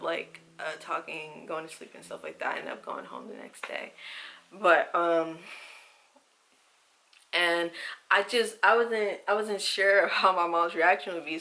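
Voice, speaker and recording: A young woman vlogger softly retelling a hard personal time, halting and emotional, with many fillers. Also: lowish voice. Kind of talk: personal storytelling vlog.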